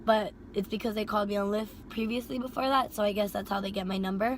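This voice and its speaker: A young woman casually telling a storytime about her driving job, animated, swearing freely and filling with "like". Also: mid-range voice, quick pace, few pauses, a little hiss or hum. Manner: animated, heavy swearing and filler "like". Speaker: rideshare driver and vlogger.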